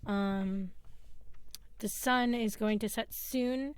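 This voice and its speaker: A woman narrating as game master of a tabletop game, halting and full of fillers as she describes the scene. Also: medium pitch, steady tone, smooth, no echo.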